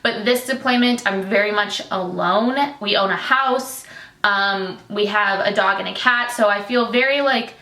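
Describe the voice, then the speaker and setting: In an echoey room, a young vlogger from Michigan, a military wife, chats candidly to camera with many fillers, turning tearful and emotional at times. She speaks unhurriedly at a medium pitch, with a bright, forceful tone.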